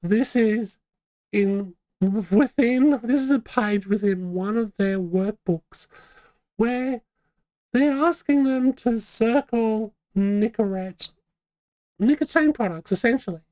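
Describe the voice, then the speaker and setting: Chatty woman, mellow and dry. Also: fairly high pitch, slow pace, no room sound. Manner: chatty and rambling, many fillers and restarts. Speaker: vlog host. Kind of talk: casual live-stream chat.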